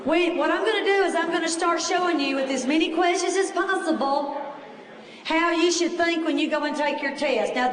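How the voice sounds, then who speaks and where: A woman teaching a test prep class, talking in a chatty, reassuring way. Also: high-pitched. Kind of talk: lecture to a class. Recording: echoey room, voice far from the mic.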